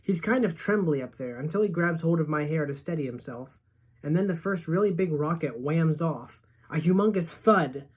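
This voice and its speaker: A woman teacher reading a novel aloud to her class in a lively storytelling manner. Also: sits low, moderate pace, breathy edge.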